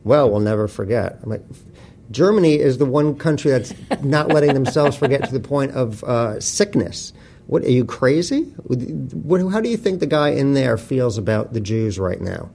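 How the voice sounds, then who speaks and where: A man's voice: mid-range voice, expressive, moderate pace, creaky, a little mellow. A man talking as an author guest in an interview, blunt and profane, telling wry stories. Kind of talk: casual interview talk.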